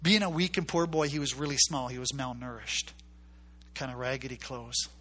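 A man's voice: medium pitch, steady tone, moderate pace, fairly bright tone. A man preaching a sermon, telling a story and acting out its characters' voices with emphatic repetition.

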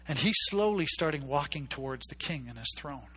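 Bright-voiced man preaching a story. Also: fairly high pitch, animated, brisk, breathy edge. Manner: acts out characters' voices, emphatic repetition. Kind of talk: sermon storytelling.

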